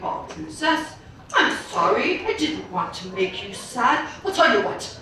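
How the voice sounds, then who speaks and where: A woman's voice: very animated, unhurried, pushed and bright, slight background noise, heavily acted. A woman playing a greedy, wonderstruck king who exclaims theatrically, performed live for children. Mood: gentle. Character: greedy, giddy king, middle-aged man. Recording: booming echo, mic far off.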